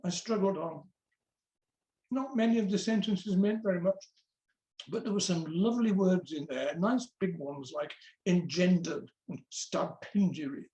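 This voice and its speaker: A guest reader reads a memoir aloud in an easy, conversational storytelling manner. The voice sits at a middle pitch. The room adds a noticeable echo. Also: dark tone, highs cut off. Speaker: guest reader at book launch.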